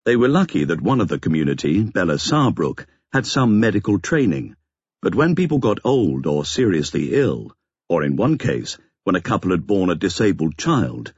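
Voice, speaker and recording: A man with a very deep, slightly husky voice reads a novel aloud at a measured pace. His pitch rises and falls in a lively way as he tells the story. The recording is dry and a little dull, with a close, lo-fi sound. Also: no room sound. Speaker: narrator. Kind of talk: scripted audiobook narration.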